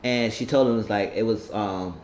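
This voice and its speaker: A man's voice: fairly low pitch, brisk, a little mellow, slight background noise. Man rambling through a show recap. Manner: rambling, loose slang with profanity. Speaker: TV episode recap host. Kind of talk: casual episode recap. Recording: roomy, slightly muffled home recording.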